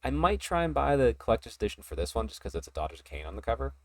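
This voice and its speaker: A man hosting a casual hobby podcast, talking in an excited, rambling way and laughing often. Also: medium pitch, rapid-fire, no echo, studio quality. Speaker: podcast host.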